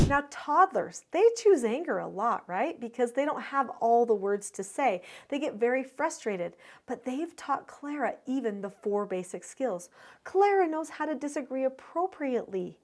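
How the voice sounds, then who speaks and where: A middle-aged woman, a parenting educator, giving clear, explanatory teaching to parents and telling stories to make her points. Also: sits high. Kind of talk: instructional talk to parents.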